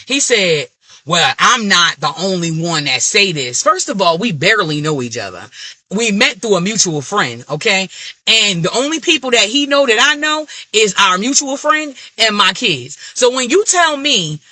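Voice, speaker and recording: A woman's voice: medium pitch, normal speed, no echo. A woman with an African American Vernacular English accent, venting in a candid, blunt and profane rant to camera. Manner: blunt, profane, animated ranting. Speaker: vlogger.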